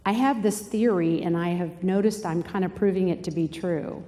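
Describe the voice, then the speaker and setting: A middle-aged woman giving a lively Bible study talk to an audience, dramatic and jumping into high, shrieking quoted voices. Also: moderate pace, few pauses. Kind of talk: animated teaching talk to a live audience. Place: large hall before an audience. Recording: live hall recording with long reverb.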